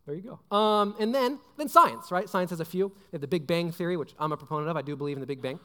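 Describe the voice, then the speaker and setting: A young male pastor delivers a loose, joking sermon full of asides and fillers. His voice sits high and he talks fast. The sound carries a long reverb from a large hall. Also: bright, forceful tone. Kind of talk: casual sermon.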